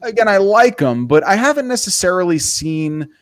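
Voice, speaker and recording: A man's voice: high-pitched, moderate pace, no room sound, studio quality. Opinionated male podcast host. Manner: animated, opinionated, wry. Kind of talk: casual sports talk.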